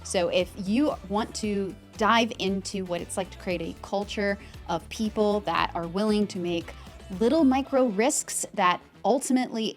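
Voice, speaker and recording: A woman hosting a podcast interview, earnest and upbeat, laughing easily with her guest. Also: mid-range voice. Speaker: podcast host. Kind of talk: conversational interview.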